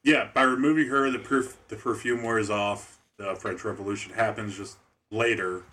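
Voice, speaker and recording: A man co-hosting a casual podcast chat, explaining points in a measured way. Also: on the low side, steady tone, a bit bright.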